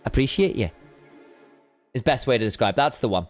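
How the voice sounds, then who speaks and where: A man's voice: mid-range voice, lively intonation, moderate pace, faint music behind. A man, a co-caster on a live stream, chatting casually to his viewers in a rambling way and often stopping mid-sentence to repeat words. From United Kingdom. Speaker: esports co-caster.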